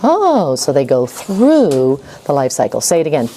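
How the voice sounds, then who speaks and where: A middle-aged woman teaching first graders to write, brisk and coaxing, repeating her prompts. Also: sits low, wildly swooping pitch, warm tone, a little hiss or hum. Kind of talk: classroom writing lesson. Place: classroom.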